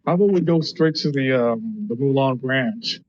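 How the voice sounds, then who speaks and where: A man playing in a casual tabletop role-play session, quick and joking. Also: medium pitch, a little mellow. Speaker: player. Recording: dull, dry mic.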